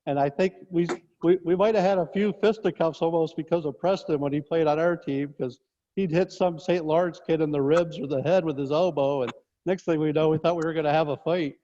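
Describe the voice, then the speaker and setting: A man, a former coach from northern New York, tells meandering stories with restarts and chuckles. His voice sits a bit high but mellow. The lo-fi recording carries a long reverb tail. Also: fairly even intonation, fairly quick. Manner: rambling anecdotes with restarts, chuckling. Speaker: guest, former basketball coach. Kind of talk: casual storytelling on a sports talk show. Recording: dull lo-fi audio in a reverberant space.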